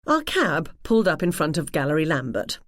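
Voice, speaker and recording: A woman audiobook narrator reading a first-person mystery in a wry, measured manner. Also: low voice, very animated, no room sound, studio quality.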